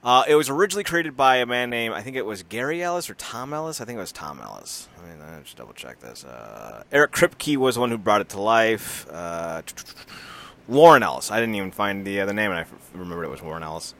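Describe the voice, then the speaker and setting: A man's voice: on the low side, fast talker. A man co-hosting a casual podcast, rambling and laughing as he talks. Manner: animated, rambling, laughs often, acts out voices. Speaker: podcast co-host.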